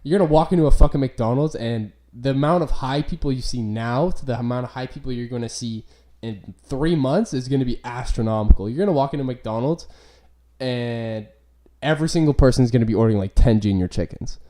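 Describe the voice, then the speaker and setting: A young adult man hosts a podcast, rambling through casual stories in a warm, mid-range voice at a fairly quick pace. He swears a lot and fills his chat with "like."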